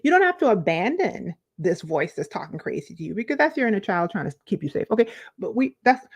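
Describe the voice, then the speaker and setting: Animated woman life coach. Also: mid-range voice, quick pace, slightly rough. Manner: animated, conversational, repeats phrases for emphasis. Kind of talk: direct-to-camera coaching talk.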